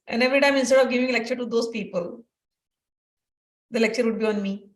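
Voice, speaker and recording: A woman's voice: a little high, fairly even intonation, fast, fairly bright tone. Earnest woman, roomy distant sound. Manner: earnest, repeats phrases for emphasis. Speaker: spiritual teacher. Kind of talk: devotional teaching talk with personal stories.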